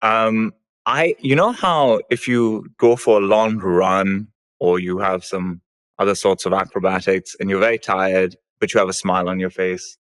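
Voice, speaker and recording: A man's voice: sits low, steady tone, moderate pace, clean tone. A man co-hosting a business podcast, easygoing in casual chat. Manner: laughs often, easygoing. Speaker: podcast co-host.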